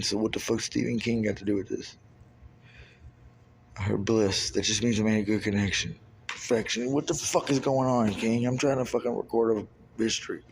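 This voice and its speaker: A man's voice: lowish voice, a little hiss or hum. A man in his thirties from Kentucky, talking in a rambling stream-of-consciousness monologue, swearing often and sliding into loose rhymes and wordplay. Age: 30s. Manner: profane, loose rhyming wordplay, jumping between ideas. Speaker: self-recorded monologue speaker.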